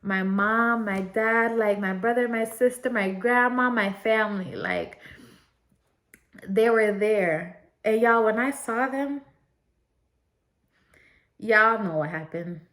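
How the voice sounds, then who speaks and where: A woman's voice: fairly high pitch, takes it slowly, pauses often, fairly bright tone. A young woman vlogger telling a story in a chatty, casual way, talking straight to her viewers and laughing often.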